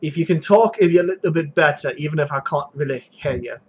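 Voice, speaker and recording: A man's voice: fairly high pitch, fast talker, breathy edge, dull audio. A man narrating a tabletop game as game master, loose and chatty, with filler words.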